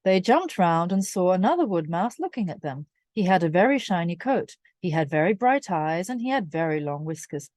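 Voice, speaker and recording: Brief: woman storybook reader, clear and expressive, animated pitch. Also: dry recording, studio quality. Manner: expressive, slow and clear for children. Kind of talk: children's storybook read-aloud.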